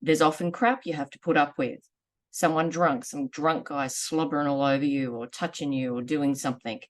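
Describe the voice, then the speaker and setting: A woman in her forties telling a personal story in a candid, earnest, measured way. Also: deep voice, steady tone. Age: 40s. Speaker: vlogger sharing lived experience.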